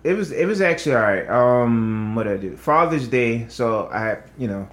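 A man co-hosting a casual podcast chat, telling animated stories and laughing loudly. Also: medium pitch, normal speed, roomy sound. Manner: loud laughs, animated storytelling. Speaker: podcast co-host.

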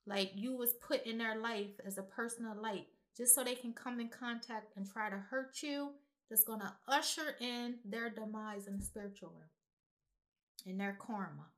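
Woman, vlogger, casual spiritual talk, earnest, emphatic, mid-pitched voice. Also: a bit bright. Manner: earnest and emphatic, talks straight to viewers. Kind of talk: casual spiritual monologue to camera.

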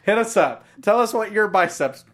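A woman's voice: mid-range voice, lively intonation, moderate pace. A woman co-hosting a TV after-show, recapping competitors with jokes and stats in a casual, upbeat chat.

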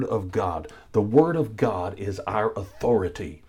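A man's voice: fairly low pitch, lively intonation, unhurried, hardly any pauses, darkish tone, husky. A man preaching a sermon, earnest and often restarting his sentences, with rising, emphatic peaks. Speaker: pastor.

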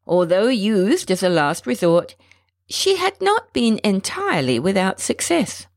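A woman narrating a short story in a measured, expressive storytelling manner. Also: mid-range voice, heavy background noise.

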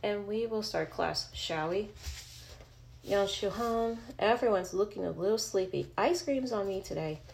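Woman reading as a charming teacher man, polite, smooth-talking. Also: mid-range voice, measured pace, darkish tone, slight background noise.

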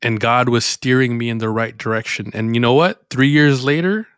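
A man's voice: medium pitch, normal speed, a bit bright, clean tone, no room sound, studio quality. A man hosting a faith podcast, reflective and meandering as he thinks aloud in casual talk. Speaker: podcast host.

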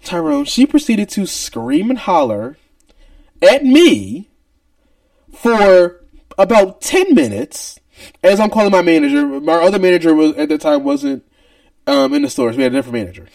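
Podcast co-host, man, high lively voice, gravelly edge, a bit off mic. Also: moderate pace, no room sound, far from the mic. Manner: animated, mimics shouting customers. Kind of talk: casual storytelling.

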